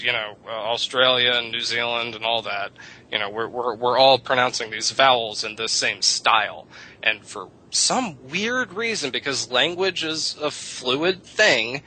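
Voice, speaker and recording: Bright-voiced man explaining language history. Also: medium pitch, poor audio. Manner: rambling, lecturing, swears casually. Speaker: radio show host. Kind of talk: casual radio chat about language history.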